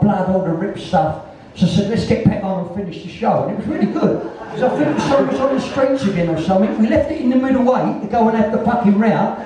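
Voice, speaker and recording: A man's voice: high voice, dark tone, a little hiss or hum. A man of about sixty with a London Cockney accent, a guest at a live onstage conversation, telling a blunt, rambling story full of swearing. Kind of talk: anecdotal storytelling. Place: live music venue, in front of an audience. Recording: echoey venue, distant and dull.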